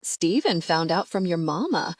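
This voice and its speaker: Audiobook: narrator putting on a trilling Georgia-twang sister-in-law, lively, higher than her own voice. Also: unhurried, no room sound, studio quality. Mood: breezy. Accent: Southern US, Georgia twang. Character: bubbly Southern sister-in-law, woman, dramatic.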